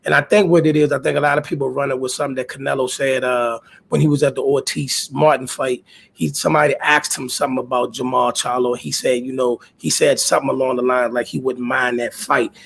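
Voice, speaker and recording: Gravelly-voiced man hosting a boxing livestream. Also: medium pitch, a little fast. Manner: animated, repeats himself, talks to chat viewers. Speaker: host of a boxing talk livestream. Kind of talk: casual live-stream talk.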